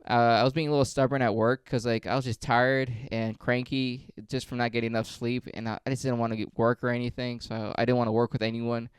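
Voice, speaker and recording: Podcast guy ranting casual, lotta swearing, smooth clear voice, dead dry close mic. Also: medium pitch, fast talker, few pauses, dry recording. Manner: rambling, profane, deadpan complaining. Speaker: podcast host. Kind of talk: casual storytelling.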